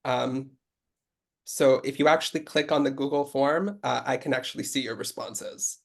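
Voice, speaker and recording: Businesslike host, video call, runs through rules quickly. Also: medium pitch, steady tone, vocal fry. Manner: brisk, businesslike rule-giving. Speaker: game host. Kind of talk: hosting an online game over video call.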